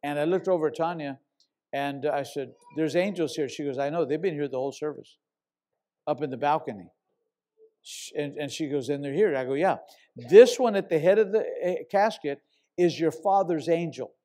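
During his sermon, a male pastor with a slightly high voice recounts a long personal story at a normal pace. His manner is lively and casual, now and then erupting into loud shouting.

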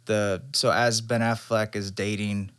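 A young man with a lowish voice co-hosts a casual podcast and rambles through his thoughts. He talks loosely, stacking fillers and restarts as he goes. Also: unhurried, smooth. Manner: rambling, animated, full of fillers. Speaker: podcast co-host. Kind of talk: casual chat about movies.

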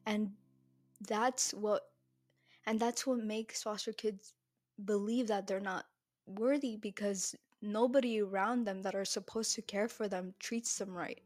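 A woman's voice: mid-range voice, a little mellow, no room sound. A young woman hosting a solo podcast, talking bluntly and heatedly and swearing freely. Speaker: podcast host.

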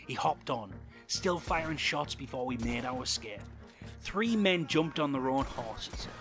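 A man's voice: mid-range voice, a bit bright. A man reading a first-person fan fiction story in a dramatic storytelling way.

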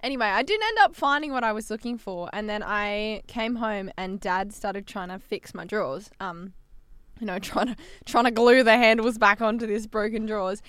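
A woman's voice: mid-range voice, moderate pace, fairly bright tone, smooth, no echo. A young woman with an Australian accent, a radio announcer chatting casually on a podcast and laughing often.

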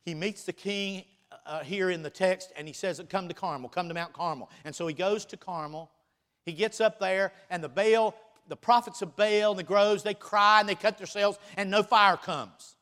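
A man preaching a sermon, reading scripture aloud and swinging between loud bursts and quiet, teasing asides. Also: high voice, moderate pace, clean tone.

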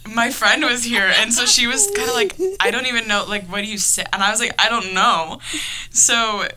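A young woman hosting a podcast, telling a story in casual chat, animated, with lots of laughter and fillers. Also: on the high side, moderate pace. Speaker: podcast host.

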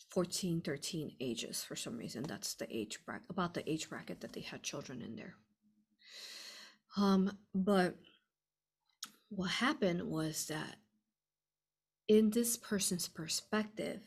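A woman hosting a livestream Q&A, rambling and repeating herself, asking "right?" and sometimes dropping to a soft whisper. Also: fairly low pitch, husky. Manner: drops to a soft whisper at times. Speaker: host answering viewer questions. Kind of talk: livestream Q&A talk.

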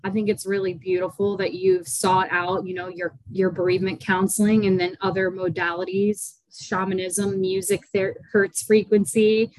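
Woman host, soft and affirming, flat even delivery, dry sound. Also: mid-range voice, moderate pace, few pauses, dry recording, poor audio. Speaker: podcast host. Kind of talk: supportive interview conversation.

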